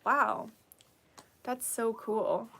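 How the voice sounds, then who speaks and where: A woman's voice: fairly high pitch, very slow, creaky, bright, forceful tone. A woman hosting a casual live stream who reads out viewer comments, encouraging and laughing often, sleepy and yawning.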